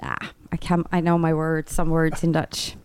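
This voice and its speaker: A woman's voice: low voice, flat delivery, normal speed, darkish tone, clear, resonant tone. A woman co-hosting a radio chat show, opinionated, often repeating words as she gets going. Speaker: radio co-host. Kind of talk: casual chat.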